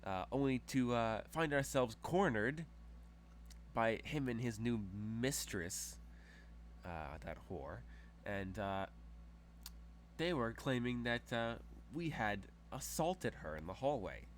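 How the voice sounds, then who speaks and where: A man's voice: medium pitch, animated, takes it slowly, a little hiss or hum. A man voicing a haughty, wealthy woman who talks down to everyone in a condescending drawl. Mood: scornful.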